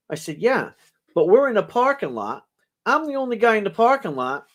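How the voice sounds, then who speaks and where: Casting note: middle-aged male auction host, rambling storyteller, chuckles often, higher voice that swings widely. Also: big pitch swings, brisk. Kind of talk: casual storytelling to a live audience.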